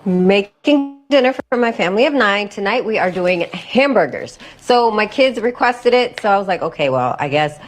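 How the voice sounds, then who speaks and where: Mom narrating a cooking clip. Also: female voice, medium pitch, moderate pace, few pauses. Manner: steady step-by-step voice-over. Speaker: mother cooking for family.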